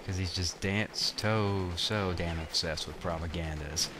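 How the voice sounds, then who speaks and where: A man's voice: deep voice, unhurried. A young man casually commenting on his own gameplay, rambling with lots of fillers and restarts and some crude words. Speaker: let's play commentator. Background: game music.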